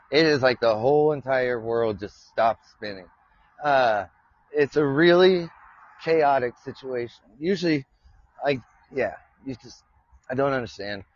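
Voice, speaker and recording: A man's voice: mid-range voice, no echo, lo-fi sound. A man hosting a casual live podcast from his desk, rambling and joking, swearing casually. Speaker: podcast host. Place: home desk with his dog nearby.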